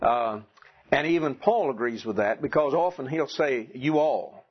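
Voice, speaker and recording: A Southern American man lecturing a class, deliberately drilling and repeating pronunciations. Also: mid-range voice, expressive, breathy edge. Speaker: Greek teacher. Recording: dull lo-fi classroom recording.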